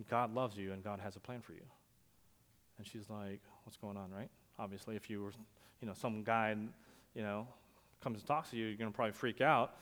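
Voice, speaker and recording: A male pastor preaching a sermon, telling stories conversationally and swinging from loud emphasis to quiet asides. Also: fairly low pitch. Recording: long hall reverb.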